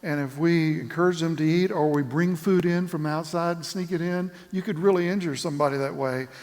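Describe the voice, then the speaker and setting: A man's voice: fairly high pitch, fairly even intonation, a little fast, darkish tone. A man, a chaplaincy director, giving a dryly humorous talk to a church group. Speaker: guest speaker, hospital chaplaincy director. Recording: echoey church hall.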